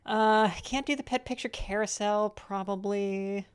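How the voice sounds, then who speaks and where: A woman's voice: medium pitch, steady tone, normal speed, clean tone. A woman hosting a tabletop game stream who chats casually, in a scattered and self-deprecating way, over a home streaming mic. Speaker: host.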